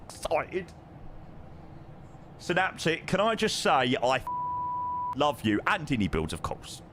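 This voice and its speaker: A man's voice: fairly high pitch, wildly swooping pitch, a little slow, fairly bright tone, a little hiss or hum. A man with a London accent chatting casually on a live flight sim stream, thanking viewers and answering their questions. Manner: chatty, reads viewer names and questions aloud.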